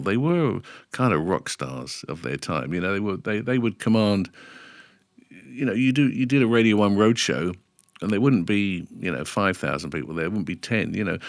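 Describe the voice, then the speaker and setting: A middle-aged man, a radio DJ telling lively anecdotes in a casual podcast interview and acting out the dialogue. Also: deep voice, no echo, studio quality. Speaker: radio DJ guest.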